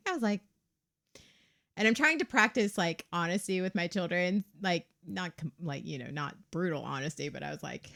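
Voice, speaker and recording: A woman's voice: fairly low pitch, moderate pace, fairly bright tone. A woman hosting her own livestream, talking candidly, laughing often and swearing freely. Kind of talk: casual livestream chat.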